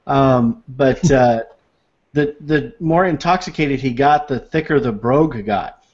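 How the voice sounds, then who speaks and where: A man's voice: medium pitch, unhurried, darkish tone. A man chatting casually, telling anecdotes with frequent laughs and playful quoted voices. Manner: storytelling, laughs often, acts out quoted voices. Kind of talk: casual chat. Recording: dull lo-fi sound.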